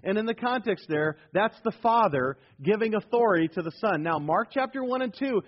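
A man's sermon delivered in a high, slightly husky voice. He preaches with rising emphasis and asks the congregation rhetorical questions. The recording is dull and lo-fi. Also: expressive, brisk. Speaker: pastor.

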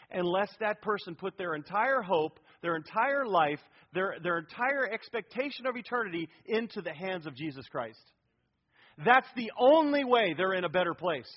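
High, husky emphatic preacher man. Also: highs cut off. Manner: emphatic, asks the crowd to fill in words. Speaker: pastor. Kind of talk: sermon. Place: church sanctuary with congregation.

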